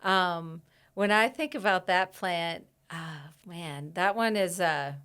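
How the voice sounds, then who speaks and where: A woman with a low, smooth voice, talking as a guest herbalist on a casual podcast. She is reflective and unhurried, pausing with fillers and laughing easily as she thinks aloud. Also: fairly bright tone.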